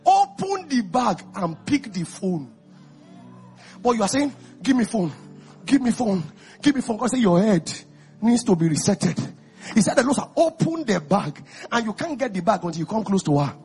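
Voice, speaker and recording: A Nigerian man preaching with a very high, gravelly voice that leaps all over its range. He calls out to the congregation and often shouts. Soft music plays behind him. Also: sing-song, normal speed. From Ekiti, Nigeria. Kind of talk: lively sermon.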